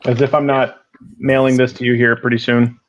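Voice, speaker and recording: A man's voice: mid-range voice, level tone, fairly quick, slight background noise. A man hosting a podcast in casual chat, making wry joking asides. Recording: dull lo-fi mic.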